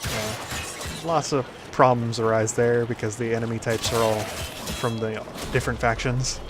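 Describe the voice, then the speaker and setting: A man's voice: medium pitch, background noise. A man hosting a casual gameplay commentary, rambling with lots of fillers. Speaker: gaming video host.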